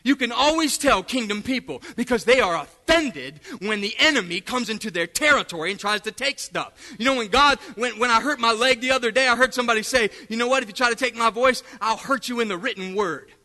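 A man preaching a fiery sermon, calling out to the congregation and shouting at the peaks. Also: extremely high pitch, fairly quick, few pauses, big-room sound.

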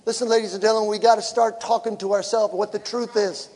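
In a big, echoing hall, a high-voiced man delivers a fast sermon built around a personal story. He shouts to the congregation with animation and breaks into laughter.

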